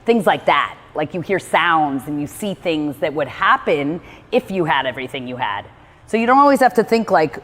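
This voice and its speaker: A woman's voice: low voice, very animated, normal speed, a bit bright. A woman giving a casual motivational talk, rambling with lots of "like" and acting out her own inner dialogue. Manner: chatty, rambling, heavy use of "like". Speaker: motivational speaker on meditation. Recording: reverberant room.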